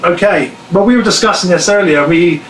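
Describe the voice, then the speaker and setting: A man's voice: sits high, a little fast, fairly bright tone. Chatty man in echoey room. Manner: chatty, laughs easily, self-deprecating. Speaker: band member reading fan questions. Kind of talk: casual live Q&A chat. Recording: echoey room, faint noise.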